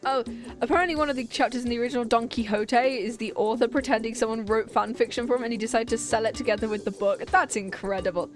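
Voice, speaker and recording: A young woman streamer rambles casually as she plays through a game, giggling and drifting off topic. Her voice sits a little high, and faint music plays in the background. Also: fast talker. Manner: rambling, giggly, easily sidetracked. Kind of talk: casual let's-play chat.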